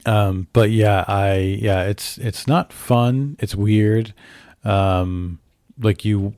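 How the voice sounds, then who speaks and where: Deep, mellow man co-hosting a podcast. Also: steady tone, extremely slow, no echo, studio quality. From New England, United States. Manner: playful, hesitant with ums, jokes about his radio voice. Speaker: podcast co-host. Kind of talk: casual chat.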